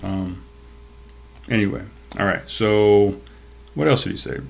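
Low-voiced middle-aged male podcast host, casual solo rant, profane and fired up. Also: unhurried, gravelly, a little mellow, slight background noise. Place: home desk.

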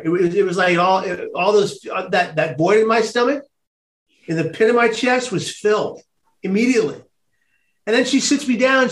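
A man from San Francisco telling a personal story as a podcast guest. He is emotional and excitable, repeats words, and acts out the voices of the people in it. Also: high-pitched. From San Francisco, United States. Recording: roomy echo.

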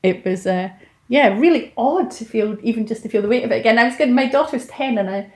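A woman's voice: fairly high pitch, quick pace. A woman in her forties, chatting as an interview guest in a self-deprecating way and laughing often. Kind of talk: casual chat. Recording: roomy echo.

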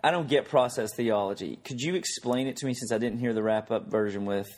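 A man in casual podcast chat with a plain mid-range voice. He needles his co-host with dry, deadpan teasing. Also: medium pitch, fairly quick.

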